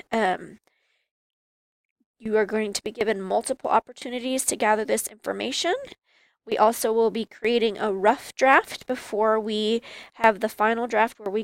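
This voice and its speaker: Female teacher giving class instructions, slow and measured, dry recording. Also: fairly high pitch, fairly even intonation, no echo, low-quality recording.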